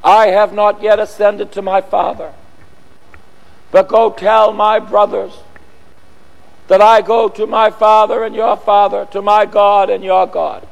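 A male preacher voicing a calm, tender risen man, speaking gently during a sermon. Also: high voice, a little slow, gravelly. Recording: long echoey hall.

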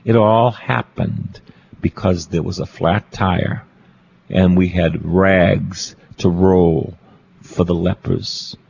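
A man's voice: sits low, fairly even intonation, takes it slowly, gravelly, a little mellow, highs cut off, slight background noise. A Catholic priest, a man, preaching a storytelling sermon, repeating phrases for emphasis and asking his listeners questions.

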